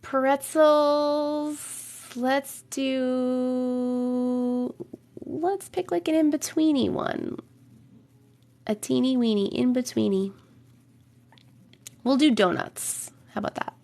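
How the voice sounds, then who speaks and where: A woman's voice: sits high, slow pace, gravelly, long pauses, darkish tone. A woman live-streaming from home, chatting with viewers and reading their stories aloud, swearing casually and laughing as she reacts. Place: home room, alone.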